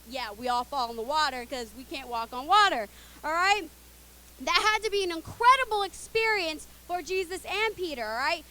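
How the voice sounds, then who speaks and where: Animated woman telling kids a Bible story. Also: very high-pitched. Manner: playful, expressive, gets kids to call out and join in. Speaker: children's church teacher.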